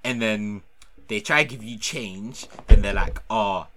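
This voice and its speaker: A man's voice: lowish voice, a little slow, bright, forceful tone. A young man, in casual chat, teasing and laughing. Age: young adult.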